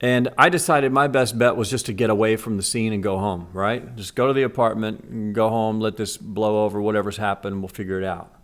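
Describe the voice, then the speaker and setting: A man vlogging, earnestly retelling a frightening day to his viewers in a casual, animated way. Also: lowish voice, fairly quick, few pauses. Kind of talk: casual storytelling to camera. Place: Los Angeles area.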